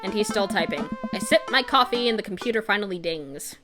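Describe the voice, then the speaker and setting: A woman's voice: mid-range voice, lively intonation, brisk, over loud music. A woman narrating and playing a dating game, full of jokey, rambling asides. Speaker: gamer. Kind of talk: let's-play narration.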